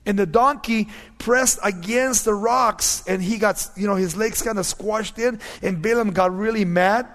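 A man preaching a sermon as a pastor, telling stories animatedly and often dropping to hushed tones. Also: high voice, a little slow, in a large hall.

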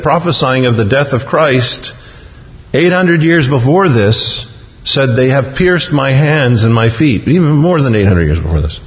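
A man preaching an expository sermon, acting out the voices of the people in the text with sudden jumps in pitch. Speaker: pastor. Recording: muffled sound in a reverberant hall.

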